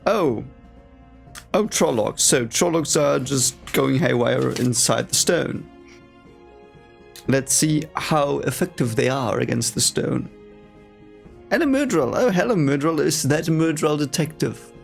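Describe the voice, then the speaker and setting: A gravelly-voiced man chatting about a book. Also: a little high, expressive, unhurried, faint music behind. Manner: chatty, laughing asides and playful commentary. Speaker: reader reacting to a novel. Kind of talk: casual reading reaction.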